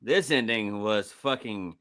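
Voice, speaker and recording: A man's voice: lowish voice, takes it slowly, fairly bright tone. A man co-hosting a film podcast, telling stories in casual chat, swearing freely and laughing often. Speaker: podcast co-host.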